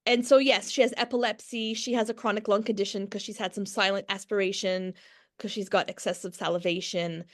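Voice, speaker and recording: A woman in her forties appears as a podcast guest, talking candidly in conversation. She's frank and quick to laugh, restarting often, with a mid-range voice and steady tone.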